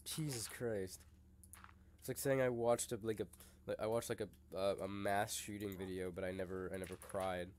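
A man's voice: fairly low pitch, fairly even intonation, moderate pace, darkish tone, a little hiss or hum. A young man chatting casually while playing a video game, teasing his friend crudely and laughing often. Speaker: gamer. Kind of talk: casual gaming chat.

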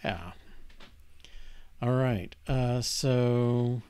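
A man live-coding and thinking aloud, halting and muttered, with fillers as he works. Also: mid-range voice, darkish tone, clear, resonant tone, dry recording. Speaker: programmer live-coding on stream.

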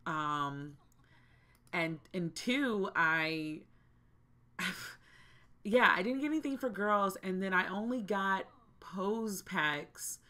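Woman host, casual game commentary, lower voice, slow and drawn-out, exasperated repeats. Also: pushed and bright. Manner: exasperated, repeats herself, talks to viewers directly. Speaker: gaming channel host.

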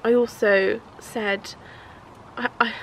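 A woman in her thirties recounting a painful encounter in a vlog, halting and close to tears, with many fillers and restarts. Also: fairly high pitch, fairly even intonation, vocal fry, a little hiss or hum, poor audio. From England. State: tearful. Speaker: vlogger. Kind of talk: tearful confessional vlog.

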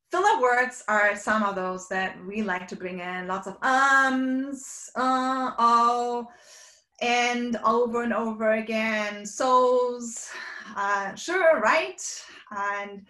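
Fast-talking woman coach, bright and echoey. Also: medium pitch. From Sweden and Germany. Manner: fast and talkative, playfully demonstrates vocal variety. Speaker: communication coach leading a workshop. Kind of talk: energetic online workshop talk. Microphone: video call.

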